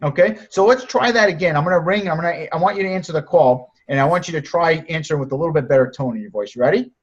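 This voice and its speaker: A man's voice: on the high side, quick pace, slightly rough. A man coaching sellers on a group call, direct and encouraging, often restarting his sentences. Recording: muffled lo-fi audio.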